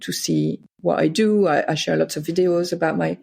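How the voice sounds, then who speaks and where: Brief: French-accented woman guest, lowish voice, halting casual chat. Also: vocal fry, a little mellow. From France. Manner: hesitant, many fillers and restarts. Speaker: guest artist.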